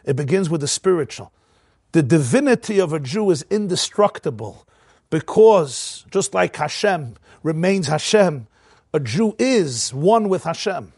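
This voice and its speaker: A man giving a Torah class as a rabbi, telling stories in an animated way and mixing in Hebrew and Yiddish quotes. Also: on the high side, a little slow, breathy edge, no room sound, studio quality.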